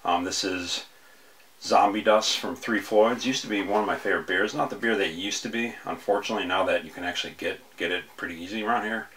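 A man's voice: deep voice, quick pace, fairly bright tone, a little hiss or hum. A man casually reviewing horror films, rambling with many fillers and restarts.

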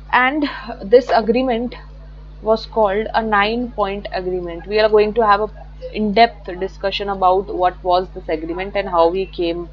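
A woman's voice: mid-range voice, dull audio, slight background noise. A woman teaching an online exam-prep lecture from slides, chatty and often correcting herself. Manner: chatty, self-correcting, repeats words.

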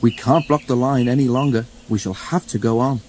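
A man's voice: medium pitch, steady tone, a little fast, a little mellow, a little hiss or hum, lightly acted. A man voicing a jovial male engine driver with an amused, teasing manner.

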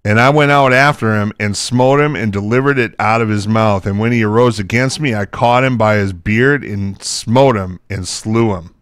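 A man's voice: on the low side, normal speed, few pauses, fairly bright tone, clear, resonant tone, dry recording, studio quality. A man teaching from the Bible, reading scripture aloud and breaking into casual, chatty asides.

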